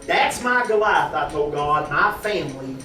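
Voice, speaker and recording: A husband addresses his church congregation with a personal testimony, his voice fairly high and his speed normal. He tells the story with animation, acting out the exchanges he quotes. There's slight background noise, and the echoey room is captured from far away with a crowd.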